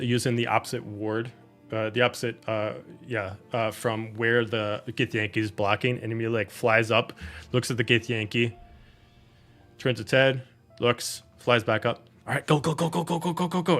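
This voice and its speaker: A man's voice: medium pitch, little pitch movement, moderate pace, pushed and bright, faint music behind. A man narrating as game master of a tabletop game, loose and full of fillers and restarts.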